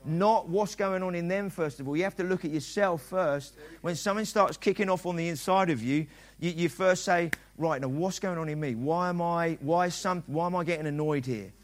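Speaking at a moderate pace with hardly any pauses, a middle-aged male pastor delivers a sermon in a slightly high voice. He keeps it conversational and voices the dialogue he quotes.

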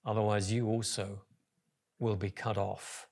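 A man preaching a sermon, swinging from quiet, careful reading to loud calls to the crowd. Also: fairly low pitch, flat delivery, measured pace.

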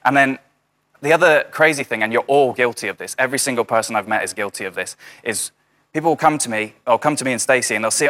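A man's voice: mid-range voice, fast, fairly bright tone. Chatty young man giving a sermon. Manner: chatty, many fillers, dry jokey asides. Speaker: house church speaker. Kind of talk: informal sermon over a video call. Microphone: video call.

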